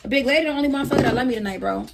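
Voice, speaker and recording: A woman's voice: fairly high pitch, very fast, gravelly, noisy background. A young woman hosting a livestream, swearing and scolding her viewers while begging them for gifts. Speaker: livestream host. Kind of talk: casual livestream talk.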